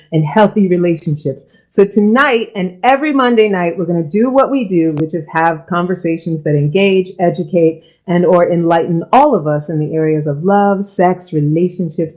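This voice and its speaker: A woman's voice: lowish voice, a little mellow, poor audio. A woman hosting a live-streamed talk show about love and relationships, chatty and laughing often. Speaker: host.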